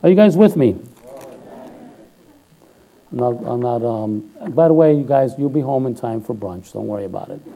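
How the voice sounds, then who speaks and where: A man preaching a sermon in an informal, chatty way, often checking in with "all right?" and rising loud and high when he exhorts or quotes. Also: animated, normal speed, vocal fry, pauses often, poor audio.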